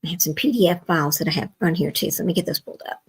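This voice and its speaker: A woman hosting a livestream speaks rapid-fire in a lowish, creaky, breathy voice in a casual chat. She talks to herself as she works her screen, often dropping to a near whisper. The audio is poor.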